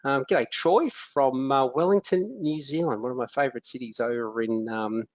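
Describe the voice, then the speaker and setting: A man's voice: mid-range voice, moderate pace, dry recording. An Australian man hosting a live webinar as a business coach, upbeat, greeting attendees by name with frequent ums. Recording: dry, dull lo-fi webinar audio.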